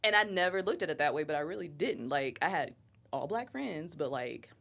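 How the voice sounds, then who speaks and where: A woman's voice: sits low, animated, brisk, gravelly, a bit bright. A woman in her thirties with an Ohio accent, chatting casually as a podcast guest and laughing often. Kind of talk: casual chat.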